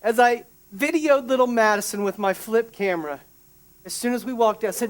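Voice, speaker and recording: A middle-aged man preaching a sermon, an emotional storyteller who restarts sentences and adds quick asides. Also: high voice. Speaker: pastor.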